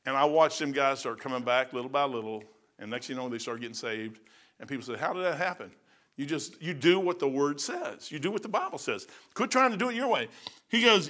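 A man's voice: a little high, expressive, brisk, pushed and bright. A middle-aged man from Kentucky giving a folksy, conversational sermon, often saying "man". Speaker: preacher. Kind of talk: informal sermon.

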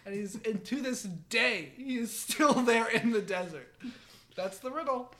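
A man's voice: very high voice, expressive, measured pace, fairly bright tone. A man co-hosting a podcast, telling a crude story in casual chat, often giggling and rambling. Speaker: podcast co-host.

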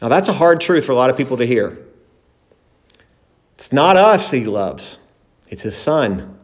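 A man's voice: medium pitch, sing-song, unhurried. A man preaching a sermon as pastor, emphatic, acting out the disciples' words in a raised voice.

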